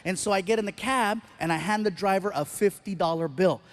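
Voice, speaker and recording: A man telling stand-up stories on a live stage, animated and acting out voices and shouts. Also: sits high, fairly quick. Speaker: stand-up comedian. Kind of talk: stand-up storytelling. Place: live stage before an audience.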